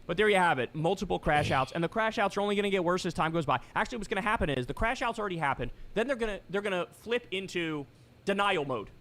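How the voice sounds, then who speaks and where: A man's voice: high-pitched, lively intonation, quick pace, fairly bright tone. A man from New York giving heated, profane, sarcastic political reaction commentary.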